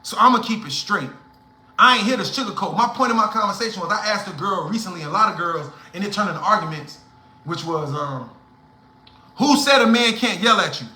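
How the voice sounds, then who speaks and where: A man's voice: sits high, brisk, pushed and bright, roomy sound. A young man hosting a livestream, lecturing his viewers in a blunt, profane, heated rant. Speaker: livestream host.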